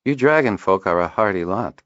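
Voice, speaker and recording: A man voicing a brisk, teasing fellow. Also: sits low, no echo, lo-fi sound, voice pushed up. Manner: lively, raised voice, upbeat questions. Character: brisk teasing curious man, chiding a friend. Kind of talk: audiobook character voice.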